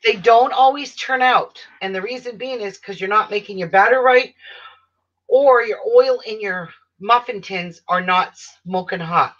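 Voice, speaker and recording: This quilting channel host chats casually on a live stream from indoors at home, her speech rambling, restarting often and trailing off. She talks unhurriedly in a mid-range, slightly bright voice, captured on dull lo-fi audio with a little noise.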